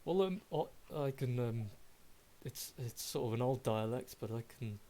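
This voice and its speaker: A man's voice: medium pitch, animated, normal speed, mellow, slight background noise, lightly acted. A man voicing a flustered, drunk male stranger at a camp who panics and stammers. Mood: nervous.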